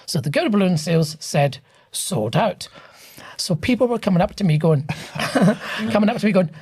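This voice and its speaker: A woman's voice: fairly low pitch, expressive, normal speed, a little mellow, slightly rough. A Scottish woman co-hosting a casual chat, telling anecdotes in a chatty way with frequent laughter. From Scotland. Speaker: co-host.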